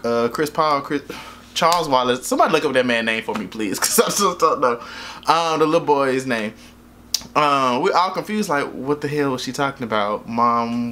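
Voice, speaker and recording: A man's voice: medium pitch, pushed and bright, slight background noise. A man casually reviewing a movie in a rambling, jokey, profane way, often losing track of names.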